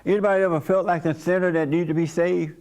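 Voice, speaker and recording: A man's voice: high voice, steady tone, fast talker, darkish tone. A man leading an informal church service, talking to his congregation in a blunt, folksy, conversational way and coaxing answers from them. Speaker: pastor.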